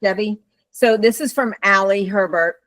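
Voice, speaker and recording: A woman moderating a webinar, reading questions from the chat aloud in a steady voice. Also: mid-range voice, moderate pace, no room sound.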